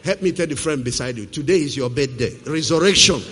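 A man preaching a sermon, who puts questions to the congregation and swings from forceful to hushed. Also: a little high, lively intonation, fairly quick, husky. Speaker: pastor. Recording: reverberant hall.

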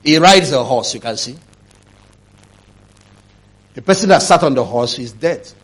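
Husky-voiced preacher guy, goes quiet then gets loud and emphatic. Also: medium pitch, lively intonation, measured pace. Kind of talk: sermon testimony.

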